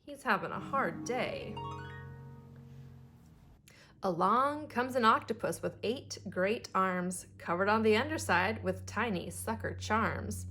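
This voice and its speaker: A woman preschool teacher reading a picture book aloud to young children in an expressive, child-directed way. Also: mid-range voice, slow, faint music behind.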